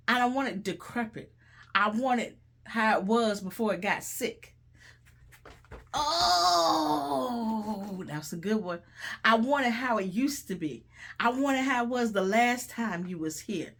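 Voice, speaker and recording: A middle-aged woman hosting and preaching a sermon-style Bible teaching, animated and conversational with folksy asides and repeated phrases. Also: fairly high pitch. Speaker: host and preacher.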